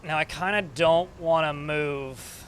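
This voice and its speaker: A man's voice: a little high, slow, a bit bright, slight background noise. A man casually commentating a strategy game while streaming, chatty and swearing now and then. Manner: chatty, swearing, talks to chat.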